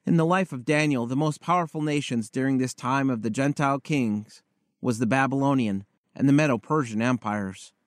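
A man preaching a sermon, telling a story in a measured, earnest way. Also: medium pitch, no room sound, clean studio sound. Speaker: pastor.

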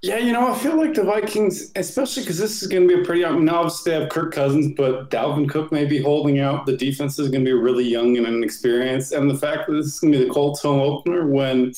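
A man's voice: fairly high pitch, quick pace, few pauses, a little mellow. Confident man in an echoey room. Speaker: sports editor, podcast guest. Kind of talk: casual sports podcast chat.

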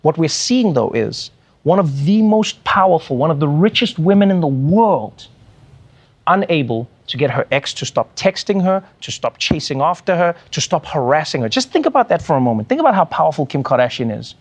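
A man's voice: a little high, very animated, a little fast. A man, a TV host, giving an earnest monologue and mimicking other people's voices. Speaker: late-night TV host. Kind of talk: monologue commentary.

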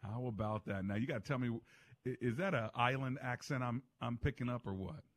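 A man's voice: mid-range voice, a little fast. A man hosting a call-in radio talk show, folksy and affirming with his callers.

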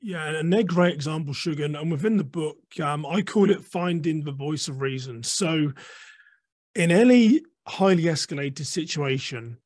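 A man with a fairly high voice speaks as a guest author in a dry, close recording. He explains his points in a measured way and slips into short acted-out examples of what people say. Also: darkish tone, no echo. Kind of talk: conversational interview explanation.

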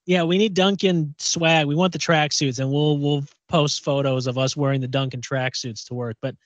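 A man's voice: a little high, fairly even intonation, normal speed, dry recording, lo-fi sound. A man co-hosting a pop culture podcast in casual chat, often repeating words as he thinks. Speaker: podcast co-host.

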